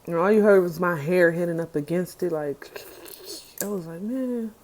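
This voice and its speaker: A woman vlogger chatting casually in slang while eating on camera, with a relaxed, chatty manner. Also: on the low side, normal speed, a little hiss or hum. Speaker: mukbang vlogger. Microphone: mic clipped near her.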